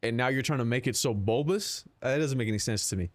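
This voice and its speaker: A man's voice: medium pitch, quick pace, no room sound. A young man streaming live, chatting casually with his viewers in a rambling, profane, joking way. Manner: rambling, profane, jokey, answers chat.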